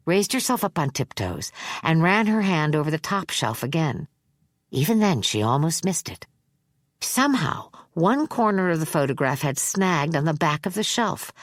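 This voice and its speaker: A woman reads a dark novel aloud, steady and expressive. Her voice sits low, and the sound is close and dry, with no room around it. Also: dry recording. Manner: measured, expressive reading. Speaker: audiobook narrator. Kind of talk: scripted narration.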